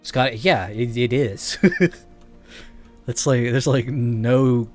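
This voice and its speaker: A man's voice: medium pitch, extremely slow, darkish tone, soft background music. Man, faint Southern US accent, game streamer, rambling and chatty with chat, easy laughs. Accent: slight Southern US. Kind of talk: casual gaming stream chat.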